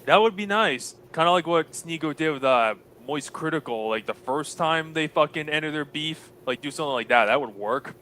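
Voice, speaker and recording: A man's voice: on the high side, lively intonation, moderate pace, hardly any pauses, bright, forceful tone, slight background noise. A man co-hosting a podcast, chatting casually and crudely while reacting to a clip. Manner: laid-back, agreeing, crude. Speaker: podcast co-host.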